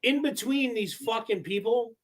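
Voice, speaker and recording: A laid-back man with a high voice, chatting on a podcast. He swears freely and ends lines with dude. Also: normal speed. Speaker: podcast co-host. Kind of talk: casual chat.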